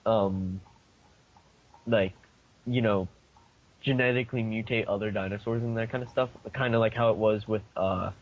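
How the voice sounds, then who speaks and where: Halting young man, lots of fillers. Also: lowish voice, fairly even intonation, phone-quality sound. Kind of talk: casual chat.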